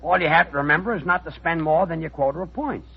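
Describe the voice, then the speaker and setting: Raspy, gravelly radio straight man. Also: fairly high pitch. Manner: patient, halting straight man. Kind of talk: 1940s radio comedy acting. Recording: dull old radio recording.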